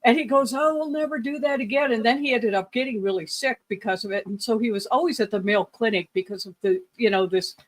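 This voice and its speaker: Give me a podcast co-host in loose, casual conversation, drifting through a long story full of "um"s and small laughs, at an ordinary, middle pitch. The talk meanders and picks up energy at the funny parts. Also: fast talker, few pauses. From lived in the southwestern US. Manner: rambling anecdotes with frequent fillers and laughs.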